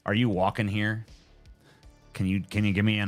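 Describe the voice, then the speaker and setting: A man's voice: lowish voice, level tone, normal speed, soft background music. A man in his twenties chatting casually on a live stream, joking and swearing as he answers viewers. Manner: joking, profane, laid-back.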